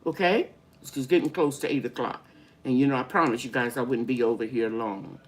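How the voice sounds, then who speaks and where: Hosting a gardening channel's live Q&A, an older woman speaks in an extremely low, brisk voice. She's folksy and talkative, calling out viewers by name as she wanders through her answers.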